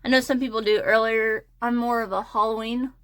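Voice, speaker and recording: Soft-spoken rambling young woman. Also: on the high side, little pitch movement, a little fast, smooth. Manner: soft, hesitant, rambling with many fillers. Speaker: crochet and design vlogger. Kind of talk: casual get-ready-with-me ramble.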